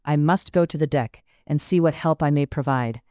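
A narrator voicing a gentle, steady young husband in an audiobook, speaking low and calm. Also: normal speed, no echo, clean studio sound, natural voice. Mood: firm. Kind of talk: audiobook character voice.

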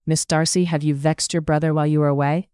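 An audiobook narrator voicing an elderly Irish housekeeper, motherly and gently scolding, with a light Irish lilt. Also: mid-range voice, little pitch movement, fast talker, smooth, dry recording, clean studio sound, natural voice. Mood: fond. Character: elderly Irish housekeeper woman, fussing and fond. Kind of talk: audiobook character voice.

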